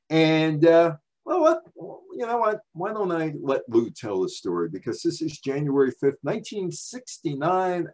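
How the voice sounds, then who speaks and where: A man's voice: mid-range voice, husky. A man, probably in his sixties, from the New York area, giving a chatty library talk with slides, full of asides and rhetorical questions. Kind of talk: storytelling presentation with slides.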